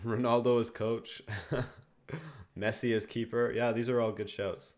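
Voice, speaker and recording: Young canadian guy on a stream, chill, reads chat and reacts to the match, mid pitch. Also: measured pace. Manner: relaxed, reads viewer questions, reacts to play. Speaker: watchalong host. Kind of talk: casual live-stream chat and match commentary.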